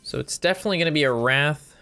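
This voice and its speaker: A man's voice: a little high, racing, bright, forceful tone, faint music behind. A man giving casual gameplay commentary, thinking through his moves aloud and sometimes breaking into a sweary rant. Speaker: game streamer.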